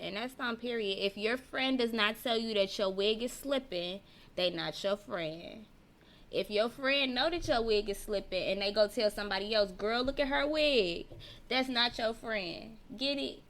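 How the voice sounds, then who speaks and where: A woman with a bright, ringing voice hosts a loose live-stream chat for her podcast. She talks straight to her viewers, reads their comments aloud and laughs often. Her delivery is animated. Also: medium pitch, normal speed. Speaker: podcast host; teacher. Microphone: personal mic.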